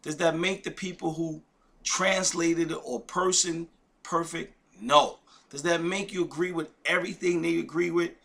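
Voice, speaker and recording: Man, slightly high voice, preaching informally to camera, emphatic, repetitive, throws in asides. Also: steady tone, moderate pace, gravelly, fairly bright tone. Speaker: religious video teacher.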